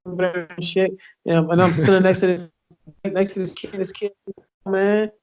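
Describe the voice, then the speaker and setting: A man's voice: high voice, level tone, moderate pace, darkish tone, slight background noise. A man, a professional fighter, talking casually in an interview, rambling with lots of fillers, restarts and profanity. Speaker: UFC fighter guest. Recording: online call with lag.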